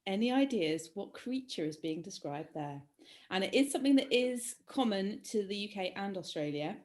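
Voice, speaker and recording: A woman's voice: medium pitch, lively intonation, normal speed, a little mellow. A woman hosting a podcast quiz, playful and giggly, in casual chat. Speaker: podcast host running a quiz.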